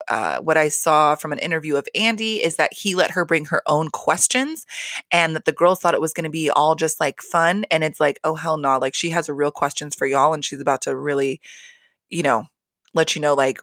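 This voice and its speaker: A woman's voice: low voice, moderate pace, fairly bright tone, dry recording. A woman hosting a casual reality TV recap, talking bluntly with constant swearing and exasperated rants. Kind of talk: casual profane recap chat.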